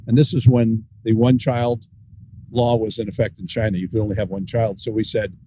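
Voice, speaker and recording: A man, an author guest, telling wry anecdotes with dry humor in a relaxed storytelling style. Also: fairly low pitch, brisk, no echo, low-quality recording.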